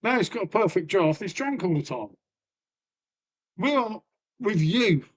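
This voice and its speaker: A man from Lincolnshire, England, with a Lincolnshire English accent, chats loosely on his own live stream in a voice high for a man, sing-song and unhurried. He banters with chat, rambles, swears freely, trails off, and sounds folksy, peppering his talk with "mate" and "innit."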